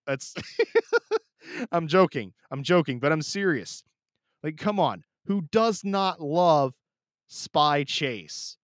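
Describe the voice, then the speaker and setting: A man's voice: fairly high pitch, lively intonation, slow, pauses often, no echo. A man hosting his own podcast in casual solo talk. He is teary and emotional, rambling with many restarts, close on the mic. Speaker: podcast host.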